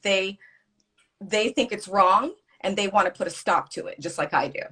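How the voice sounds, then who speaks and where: A woman with a husky, slightly breathy voice, sitting at a middle pitch. She talks as an outspoken guest, animated and blunt, with swearing sprinkled through her story. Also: normal speed. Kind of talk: casual conversation.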